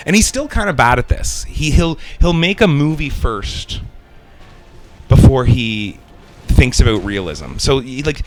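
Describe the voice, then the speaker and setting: A man co-hosting a casual gaming podcast, telling stories in a rambling, animated way and swearing often. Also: mid-range voice, measured pace. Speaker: co-host.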